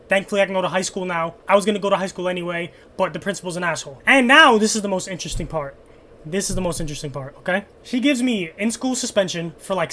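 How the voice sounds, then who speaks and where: A young man casually telling a fan a story from his school days, animated and full of swearing. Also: sits high, a little hiss or hum. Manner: animated, profane, dramatic storytelling. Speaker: YouTuber answering fan questions.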